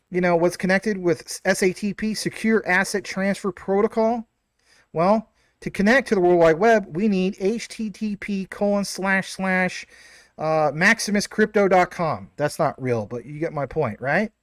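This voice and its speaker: A man talks to his viewers in a casual, emphatic explainer style, tossing out rhetorical questions and correcting himself as he goes. His voice sits a little high for a man. The sound is dry, with almost no room echo. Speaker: crypto video host.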